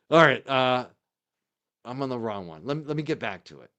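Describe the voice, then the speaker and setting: A man's voice: mid-range voice, animated, moderate pace, pauses often, pushed and bright, clean tone. A man hosting his own livestream show, talking casually and emotionally, moved and grateful, then indignant. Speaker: podcast host.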